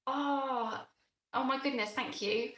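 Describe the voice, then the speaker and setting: Flustered, excitable woman, roomy echo. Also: high voice. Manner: flustered, excitable, halting with many restarts. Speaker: gardening channel host. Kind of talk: live stream chat.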